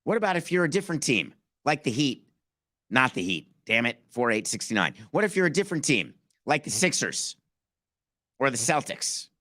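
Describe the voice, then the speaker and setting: A man's voice: medium pitch, sing-song, moderate pace, pushed and bright, no room sound, clean studio sound. A man hosting a sports talk podcast, speaking emphatically and firing off rhetorical questions. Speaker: podcast host.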